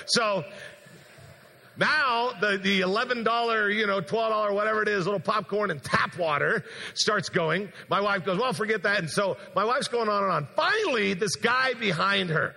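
A man preaching a sermon as pastor, telling an animated story with acted-out quotes before a congregation in a large church. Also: high voice, moderate pace, creaky. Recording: long church hall reverb.

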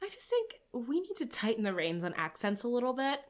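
A woman's voice: a little high, huge pitch swings, brisk. A young woman co-hosting a casual movie review chat, opinionated and wry. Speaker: podcast co-host.

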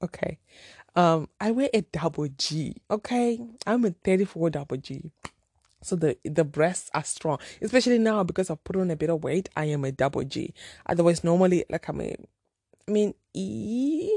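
A woman's voice: fairly low pitch, lively intonation, moderate pace, creaky, mellow, slightly rough, no room sound, clean studio sound. A woman from Zimbabwe telling a story in casual vlog chat, frank and rambling with lots of fillers. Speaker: vlogger.

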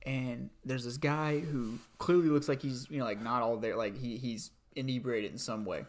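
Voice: medium pitch, fairly even intonation, moderate pace. Rambling podcast storyteller. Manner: rambling, many "like"s, laughs while telling. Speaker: podcast host. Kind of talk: casual storytelling chat.

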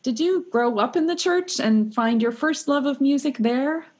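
A woman's voice: high voice, normal speed, darkish tone. A woman interviewing a fellow singer, asking questions and affirming her with encouraging replies. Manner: encouraging, affirming with short responses. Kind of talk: interview questions and warm comments.

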